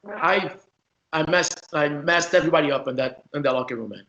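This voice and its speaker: A man's voice: a little high, fairly quick, gravelly, pushed and bright, lo-fi sound. A man with a Brazilian accent, a former player now coaching, telling locker-room stories in a loose, laughing, chatty way. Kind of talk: casual storytelling.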